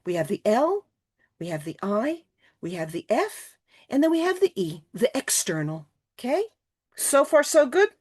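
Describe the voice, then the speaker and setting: A woman gives a motivational talk to a virtual retreat, her voice sitting fairly high and leaping around with lively swings of pitch. She keeps coaxing her listeners with questions, and the sound has the feel of a video call. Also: normal speed, slightly rough. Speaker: speaker presenting to a women's retreat.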